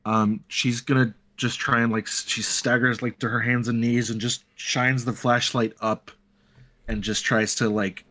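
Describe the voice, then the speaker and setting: A man's voice: mid-range voice, level tone, a little slow, pushed and bright. A man playing a character in a tabletop role-playing game, talking through his actions hesitantly with many fillers. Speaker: player.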